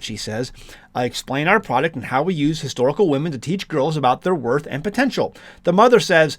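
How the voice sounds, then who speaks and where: A man from the United States reads an article aloud, his pitch swinging widely and his tone sliding into sarcastic asides between passages. His voice sits a little higher than most men's. The recording is close and dry, with almost no room sound. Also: lively intonation, fast, dry recording. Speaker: homesteading channel host. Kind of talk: reading an article aloud with commentary.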